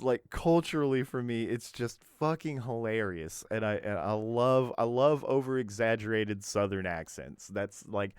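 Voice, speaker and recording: Low, smooth-voiced rambling podcast man. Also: dry recording, studio quality. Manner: rambling, heavy on fillers, chuckling. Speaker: podcast host. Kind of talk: casual podcast commentary.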